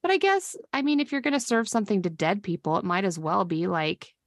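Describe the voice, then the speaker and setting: A woman's voice: medium pitch, expressive, a little fast, no room sound. Chatty podcast host woman, dry close sound. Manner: chatty, many fillers and restarts, acts out quotes. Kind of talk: casual chat recapping a film.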